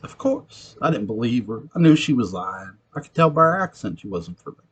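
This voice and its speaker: A man's voice: medium pitch, animated, fairly quick, a bit bright, slightly rough, lo-fi sound. Gritty New York ex-con storyteller man. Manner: gritty, streetwise, profane. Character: ex-convict man recounting a ghostly encounter. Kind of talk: acted monologue, recounting a tale.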